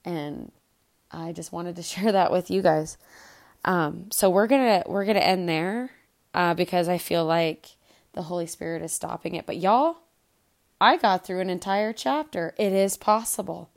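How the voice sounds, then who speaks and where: Gravelly earnest woman podcaster. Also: lowish voice, a little slow. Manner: earnest, repeats words when emotional. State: emotional, quiet and soft-spoken. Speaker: podcast host leading Bible study. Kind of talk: casual devotional podcast talk.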